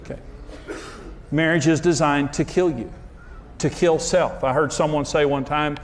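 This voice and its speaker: A man's voice: on the high side, steady tone, a little slow, slight background noise. Candid, self-mocking male preacher. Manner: candid, self-deprecating storytelling; emphatic, building up to punchlines. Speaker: marriage speaker. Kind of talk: preaching talk with personal stories.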